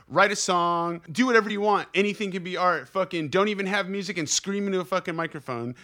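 A young man delivers a casual podcast monologue, cursing freely and rambling like a pep talk. His voice sits high for a man, with a bright, forceful edge. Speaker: podcast host.

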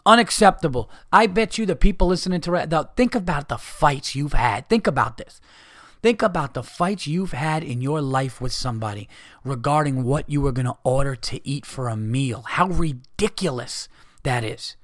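A man's voice: on the high side, animated, normal speed, a bit bright, dry recording. Podcast host, man in his thirties, exasperated profane rant, dry close sound. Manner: heated, profane, exasperated ranting. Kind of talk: ranting casual monologue.

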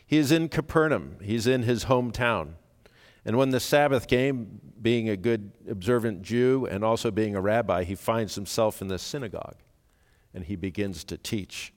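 A man's voice: on the low side, expressive, moderate pace. Man preaching in an echoing church. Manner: earnest, builds to sudden loud emphasis when quoting. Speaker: pastor. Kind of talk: sermon. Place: church sanctuary. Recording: reverberant church hall.

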